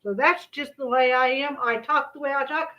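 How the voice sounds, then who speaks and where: A woman's voice: high voice, moderate pace, highs cut off. A woman from Kansas hosting a casual commentary stream, chatty and folksy with laughing asides. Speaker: host.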